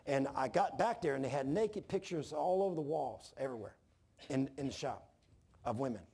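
A man preaching as a pastor tells folksy, animated stories during his sermon, acting out each voice in the anecdotes. His medium-pitched voice is gravelly with a breathy edge.

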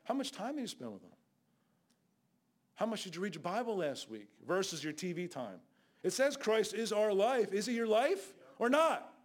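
An older man preaching a fiery Bible sermon as a guest preacher, scolding loudly and then dropping to low asides. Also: big pitch swings, normal speed. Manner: loud, scolding, shifts between shouting and low asides.

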